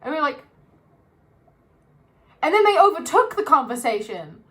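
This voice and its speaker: A woman co-hosting a podcast in a casual chat, telling stories in an animated way with sudden jumps in pitch. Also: moderate pace. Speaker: podcast co-host.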